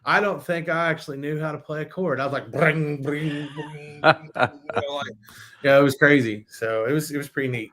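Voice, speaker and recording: A man as a guest in a casual interview, telling stories in an animated way with frequent restarts. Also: on the high side, brisk.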